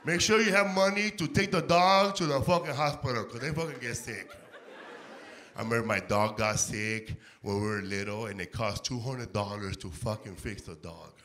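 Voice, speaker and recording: A man's voice: mid-range voice, normal speed. Man, stand-up comic, mid voice, brash and profane, stage mic with audible crowd noise. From Mexico. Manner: loud, profane, acts out barks and quotes. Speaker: stand-up comedian. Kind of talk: stand-up set. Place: comedy stage before a live audience.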